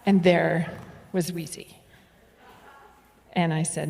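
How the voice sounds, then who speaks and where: A woman's voice: medium pitch, moderate pace. Playful woman storyteller in a hall. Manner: animated and playful, with laughs and asides. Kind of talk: live storytelling performance. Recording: reverberant hall.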